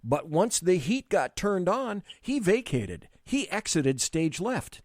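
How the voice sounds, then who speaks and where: Animated man hosting a political talk show. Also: high-pitched, takes it slowly, no echo, clean studio sound. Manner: animated, blunt, rambling with restarts.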